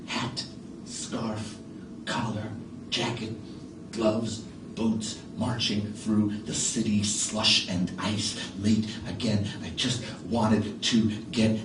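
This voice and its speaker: Middle-aged male storyteller from New York City, slow and animated; live theater sound from afar, echoey and noisy. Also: fairly low pitch. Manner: dramatic, animated, shifts between hushed and loud. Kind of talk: theatrical one-man storytelling. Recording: echoey stage from far off with noise.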